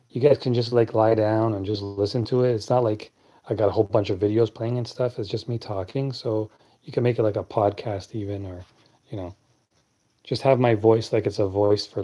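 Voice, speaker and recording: A man hosting a late-night live stream, chatting casually and answering viewers' comments in a deep, clear voice. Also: warm tone, muffled recording.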